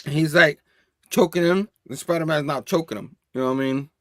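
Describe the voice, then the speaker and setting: A man hosting a casual comic book review, talking in an animated way, laughing often and acting out the dialogue. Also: fairly high pitch, fairly quick, dry recording, studio quality.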